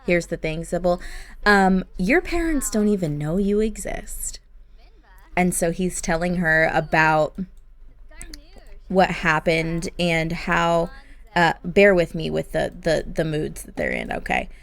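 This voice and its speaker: A woman narrating life-sim gameplay as a story in a gentle, sympathetic way. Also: fairly low pitch, very animated, slow, creaky. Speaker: game storyteller.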